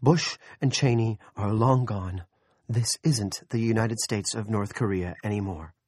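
A man's voice: lowish voice, unhurried, darkish tone, no room sound, studio quality. A man voicing a frightened, defiant woman who screams, wails and weeps in an audiobook. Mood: shrill indignant. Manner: screaming, wailing and weeping.

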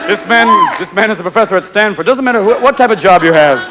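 Guy doing stand-up, high voice, swerving in and out of impressions, loud crowd laughing, live club. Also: lively intonation. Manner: rapid impressions, swerving between silly voices. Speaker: stand-up comedian. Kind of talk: stand-up comedy routine. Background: audience laughing.

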